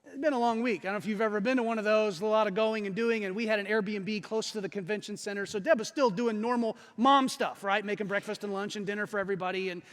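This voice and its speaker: A man's voice: sits high, quick pace, few pauses. A male pastor preaching a sermon and telling a personal story, acting out the people he quotes. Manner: animated storyteller who acts out the people he quotes. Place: church sanctuary. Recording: long reverb of a church hall.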